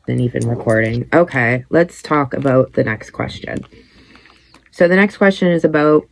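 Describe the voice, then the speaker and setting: Gravelly blunt-talking woman. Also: extremely low pitch, dry recording. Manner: blunt, heavy swearing, animated quoting. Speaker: podcast host. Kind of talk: candid personal storytelling.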